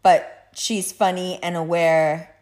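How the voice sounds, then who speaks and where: A woman chatting casually as a host, profane and animated, laughing often through her stories. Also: fairly low pitch, takes it slowly. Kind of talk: casual chat.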